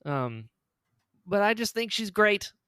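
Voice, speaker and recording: A man, the creator of an audio drama, chatting on a podcast in an excitable, storytelling way. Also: high-pitched, slow pace, clear, resonant tone, no room sound, studio quality. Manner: excitable storyteller, acts out quoted lines. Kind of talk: casual podcast chat.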